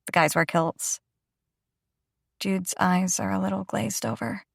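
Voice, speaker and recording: A woman's voice: on the low side, steady tone, unhurried, gravelly, dry recording, clean studio sound. A young adult woman narrating a first-person audiobook in a chatty, self-deprecating way.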